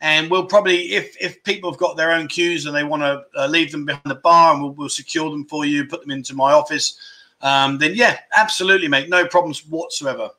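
A middle-aged man hosting a relaxed livestream chat, rambling and self-deprecating as he answers viewers. His voice is very bright and sharp and sits a little high for a man. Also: a little fast. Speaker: livestream chat show host. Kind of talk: casual livestream chat reading viewer comments.

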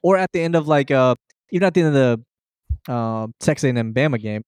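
A man co-hosting a sports podcast, talking in an animated way with rhetorical questions. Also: medium pitch, fast, clean tone, no room sound. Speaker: podcast co-host. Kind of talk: casual sports chat.

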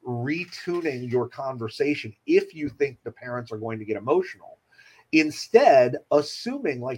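A middle-aged man, a children's surgeon, speaking in an earnest, measured and reassuring way in a conversation. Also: mid-range voice, lively intonation, slightly rough, low-quality recording. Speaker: pediatric surgeon. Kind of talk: podcast conversation.

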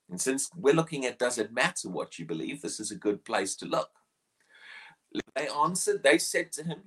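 A man's voice: fairly high pitch, big pitch swings, moderate pace, breathy edge. A man preaching a short morning devotional, earnest and questioning, often repeating words as he presses a point.

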